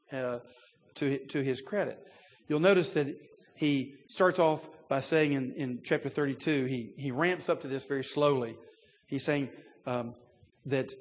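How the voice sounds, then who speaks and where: Preacher man in a reverberant hall. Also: fairly high pitch. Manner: conversational, animated teaching with many fillers. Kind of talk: sermon.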